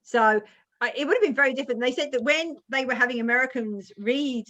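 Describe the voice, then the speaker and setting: A woman's voice: sits high, fast, fairly bright tone, muffled recording. A woman with an English accent hosting a casual video-call chat, chatty and exclamatory. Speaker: host.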